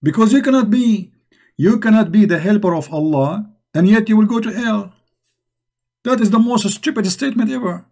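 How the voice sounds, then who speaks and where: Husky guy w/ hosting a debate stream, kinda high voice, mocking, keeps asking rhetorical questions. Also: normal speed, warm tone. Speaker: debate show host. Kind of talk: live-streamed religious debate talk.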